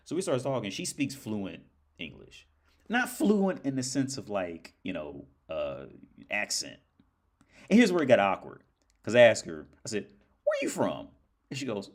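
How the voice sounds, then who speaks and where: A man's voice: on the low side, big pitch swings, normal speed, a bit bright. A man hosting a livestream, telling rambling stories in a casual, profane way and laughing often, tired. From United States. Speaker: livestream host. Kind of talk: casual storytelling monologue.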